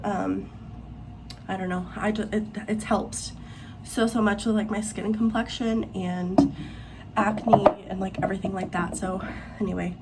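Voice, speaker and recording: A woman's voice: medium pitch, fairly even intonation, unhurried, noisy background. A young woman from Missouri, talking casually and rambling a bit as she vlogs at home, filmed on a phone propped in her bathroom. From Missouri, USA. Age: 20s. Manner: chatty, rambling with many fillers. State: out of breath. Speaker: vlog host. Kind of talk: casual vlog voice-over and talking to camera. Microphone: phone propped in a cabinet.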